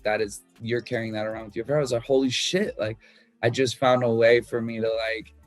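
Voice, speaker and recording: A man's voice: medium pitch, no echo. A man talking about writing his album, loose and candid, swearing freely and full of fillers. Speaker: musician discussing his album. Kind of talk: casual talk about songwriting.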